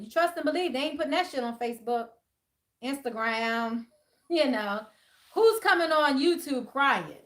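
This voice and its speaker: High bright-voiced woman livestreaming. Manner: animated, blunt, profane, laughs often. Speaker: spiritual livestream host. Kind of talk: casual livestream talk.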